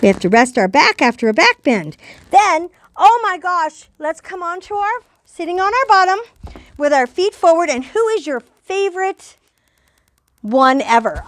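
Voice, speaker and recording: An older woman guides young children through a playful yoga lesson. Her voice sits high and cheerful, with a coaxing, encouraging tone. The sound is dry, with no room echo. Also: sing-song, moderate pace.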